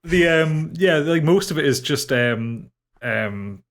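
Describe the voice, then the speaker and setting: A man's voice: a little high, animated, slow, a bit bright. A man co-hosting a podcast in casual chat, rambling with restarts and casual swearing. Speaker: podcast co-host.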